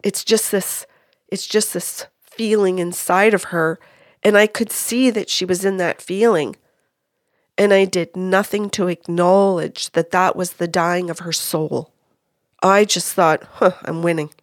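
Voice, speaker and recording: A woman's voice: on the low side, steady tone, measured pace, dry recording, clean studio sound. A woman recounting a reading she gave as a medium, retelling what people said in quotes, with many restarts. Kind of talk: casual storytelling.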